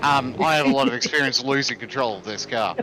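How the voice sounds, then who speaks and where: A man's voice: medium pitch, fast talker, pushed and bright, a little hiss or hum, poor audio. A man, a driver and co-commentator, chatting with dry, self-mocking humor. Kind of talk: casual banter.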